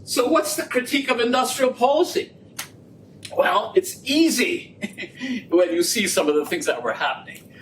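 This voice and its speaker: A middle-aged man with a high voice gives a lively public lecture, telling jokes and acting out little scenes. He is picked up from a distance, and a faint low rumble runs under his voice. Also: moderate pace. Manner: animated, joking storyteller. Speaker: guest lecturer. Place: lecture room.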